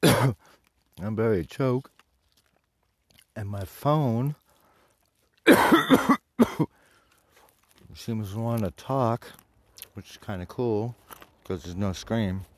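A man's voice: fairly low pitch, very slow, pauses often, no echo. A man from Detroit hosting a crude, rambling solo radio show, cursing and mock-insulting his listeners as he talks. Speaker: radio host.

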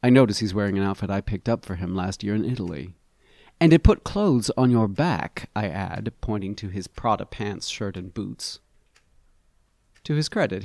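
Guy reading a first-person story, low and gravelly, wry and expressive, dry mic. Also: normal speed, no room sound. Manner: expressive, wry, animated inflections. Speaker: narrator.

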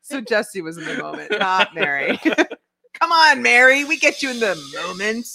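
A woman in casual chat, teasing the others with quick remarks and laughter. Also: fairly high pitch, expressive, gravelly, sharp tone.

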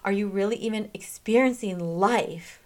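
A woman's voice: mid-range voice, normal speed. A woman giving casual motivational advice as a podcast host, chatty and emphatic, often checking in with "okay?". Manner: animated, swings in pace and loudness, laughs often. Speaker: self-help podcast host.

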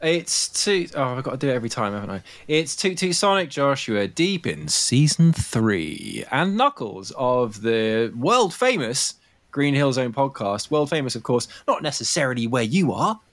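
A man's voice: mid-range voice, big pitch swings, normal speed. Guy cohosting a podcast, voice bounces all over, rambly and jokey. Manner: rambling, self-mocking jokes. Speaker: podcast co-host. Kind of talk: casual podcast chat.

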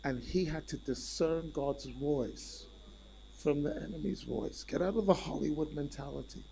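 A male preacher giving a sermon in an animated, repetitive way and calling out to the congregation. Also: fairly high pitch, normal speed, vocal fry, slight background noise, rough recording.

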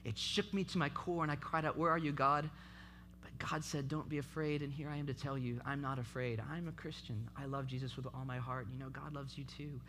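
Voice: mid-range voice, steady tone, brisk, a bit bright, slight background noise. A speaker giving an impassioned sermon at a youth event, urging listeners with repeated calls. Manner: impassioned, repetitive exhortation.

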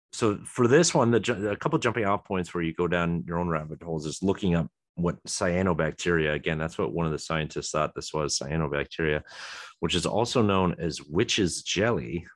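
Low-voiced man rambling to himself. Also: no room sound, studio quality. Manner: rambling, chuckling, many ums and restarts. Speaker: podcast host. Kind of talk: casual solo chat.

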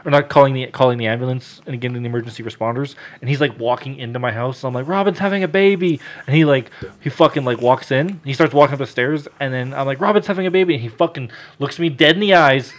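A man's voice: medium pitch, fast talker. A man on a podcast casually telling a long story, swearing freely and acting out what people said. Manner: animated, swears freely, acts out dialogue.

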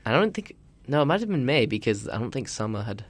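A young man co-hosting a casual podcast chat, loose and quick to swear. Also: mid-range voice, very animated. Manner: loose, swears, laughs often. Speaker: podcast co-host.

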